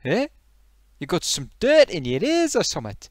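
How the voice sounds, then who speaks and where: Brief: a man playing a touchy Geordie potato co-host, lively, pitched fairly high. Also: normal speed, dry recording, studio quality, full character voice. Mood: indignant. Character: cocky male potato from Newcastle, touchy and proud. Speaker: co-presenter. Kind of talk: comedic puppet live stream.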